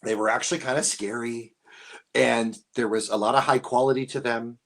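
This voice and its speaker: A man's voice: medium pitch, fairly even intonation, normal speed, a bit bright. A man appearing as a guest on a live stream, chatting enthusiastically and laughing often. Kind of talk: casual live-stream chat.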